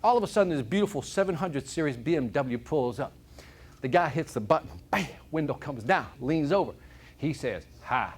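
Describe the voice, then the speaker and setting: Man, motivational speaker, high and animated, comic storyteller to a live crowd. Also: fairly quick, breathy edge. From Chicago, United States. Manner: energetic, joking, keeps asking "right?". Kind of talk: live keynote talk to an audience. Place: conference room with audience.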